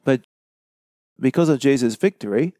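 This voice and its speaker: A man's voice: medium pitch, expressive, moderate pace, dark tone, no echo. A man giving a conversational bible study sermon, explaining verse by verse with casual asides. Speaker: bible teacher.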